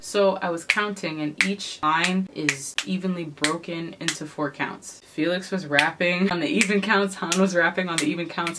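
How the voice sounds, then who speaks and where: Low-pitched woman vlogger; casual, opinionated commentary delivered with chatty laughter. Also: steady tone, moderate pace, few pauses, noisy background. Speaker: K-pop commentary YouTuber.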